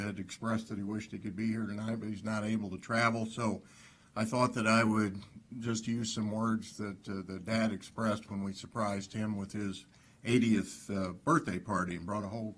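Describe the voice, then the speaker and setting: A man with a Southern Illinois twang, his voice sitting on the low side, gives a humble acceptance speech at a banquet podium. He slips in dry, self-deprecating jokes as he talks. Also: little pitch movement, moderate pace. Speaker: award honoree. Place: banquet hall.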